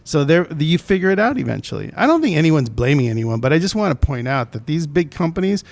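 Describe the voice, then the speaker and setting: Fast, very animated, and gravelly, this man's voice sits on the high side. He's a film producer co-hosting a podcast, casually rambling about the business end and often fixing his sentences partway through.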